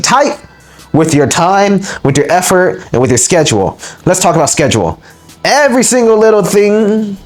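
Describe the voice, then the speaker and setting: A man giving a motivational spiritual lecture as host, speaking emphatically and repeating words for punch. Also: fairly high pitch. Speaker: spiritual teacher and channel host.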